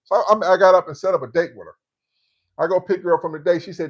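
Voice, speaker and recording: A man's voice: sits high, very fast, lo-fi sound. A man in his fifties hosting a livestream, telling a story casually and acting out the voices of the people in it. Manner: animated storyteller who acts out quotes. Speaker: livestream host.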